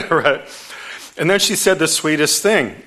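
A man in his sixties from Detroit, an author telling a story at a public book talk, lively, laughing often, restarting his phrases. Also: a little high, slow. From Detroit, USA.

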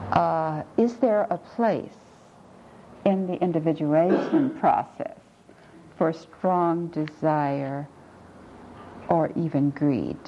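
Woman discussion leader, slow and mellow, thoughtful and halting, on a dull tape with light hiss. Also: lowish voice. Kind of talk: reflective group discussion. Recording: muffled lo-fi tape with faint hiss.

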